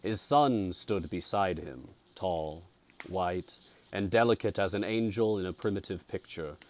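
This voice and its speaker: A male storyteller reading a gothic ghost story aloud. His voice is very deep and his delivery slow and deliberate, building atmosphere line by line. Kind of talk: scripted narration of a ghost story.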